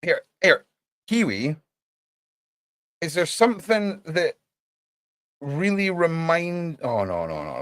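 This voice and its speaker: A man with a slightly high voice speaks slowly and pauses often, with no echo, as he hosts a casual livestream podcast. Animated, he talks to his viewers, calls them mate, and swears now and then.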